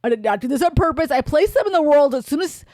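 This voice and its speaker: A woman's voice: sits high, lively intonation, quick pace, mellow, no room sound. A woman hosting a life-sim let's play, chatting casually with a wry, playful manner. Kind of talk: casual gameplay commentary.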